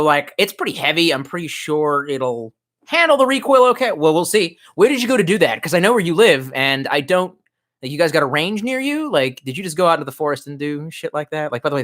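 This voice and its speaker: Young man, streamer, animated swinging pitch, profane, rambling, tipsy, casual chat. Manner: profane, rambling, drunk banter. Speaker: livestreamer. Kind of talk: casual livestream chat reading comments.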